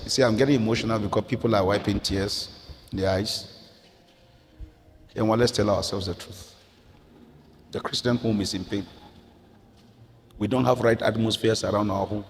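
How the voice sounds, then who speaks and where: A man from Nigeria preaching a sermon as pastor, moving from quiet prayer to impassioned, near-shouted exhortation. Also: on the low side, steady tone, a little fast, long pauses, long reverb tail. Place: church sanctuary.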